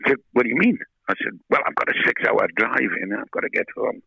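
An older man, telling a lively anecdote as an interview guest, swearing freely and acting out the voices in his story. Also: medium pitch, fast, hardly any pauses, dry recording, low-quality recording. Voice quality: gravelly, husky. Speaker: guest, rock singer.

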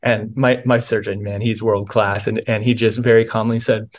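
A man's voice: on the low side, little pitch movement, moderate pace. A man, a pastor and author, earnestly telling a personal story of faith in a podcast interview, with many restarts.

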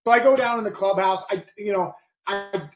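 A middle-aged man, a former ballplayer hosting a podcast, telling a story in casual, animated chat with bursts of sound effects. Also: sits high, moderate pace, dull audio, faint music behind. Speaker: podcast host, former baseball player.

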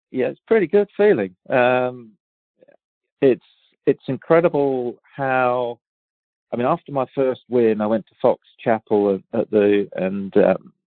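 A man's voice: mid-range voice, dry recording. A man in his fifties from England, a guest golfer recounting stories in a casual interview, rambling with many restarts and easy laughter. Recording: tinny phone-line sound, dry.

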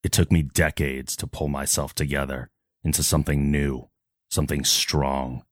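Brooding masked vigilante, deep and solemn, dry close sound, voiced by a man. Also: level tone, dry recording. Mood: earnest. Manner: solemn, measured delivery. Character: grim brooding male vigilante hero.

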